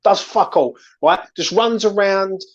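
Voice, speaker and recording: A man's voice: sits high, unhurried. A man hosting a fan channel, ranting and swearing in an angry chat after a match. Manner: ranting, swearing, keeps saying "right?" and "mate". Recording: slightly dull lo-fi sound.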